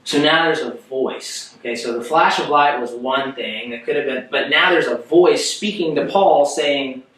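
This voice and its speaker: A man's voice: mid-range voice, normal speed, a bit bright, distant mic. A young man leading a preteen worship lesson, explaining scripture in a chatty way with lots of rhetorical questions. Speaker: youth worship leader. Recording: echoey room, off mic.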